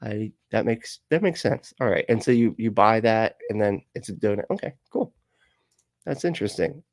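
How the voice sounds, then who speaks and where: A man's voice: fairly low pitch, expressive, moderate pace, no room sound. Rambling Southern US man on a dry mic. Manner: rambling, laughs often, swears freely. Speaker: livestream host. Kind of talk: casual livestream chat, reading comments.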